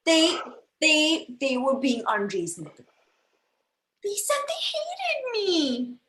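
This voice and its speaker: Woman, high voice, very lively, defensive, indignant, improv comedy, echoey room. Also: slow pace, a little hiss or hum. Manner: defensive, indignant, talks up her own goodness. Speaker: improv performer.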